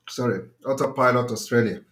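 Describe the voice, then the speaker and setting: A man's voice: mid-range voice, sharp tone, reverberant. A man hosting an online fundraiser, giving brief, grateful acknowledgements. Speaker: host.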